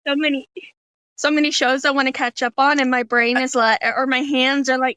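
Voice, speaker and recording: A woman guest chatting casually and eagerly on a podcast, laughing quickly. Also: high-pitched, flat delivery, fairly bright tone, clear, resonant tone, no echo. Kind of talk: casual chat.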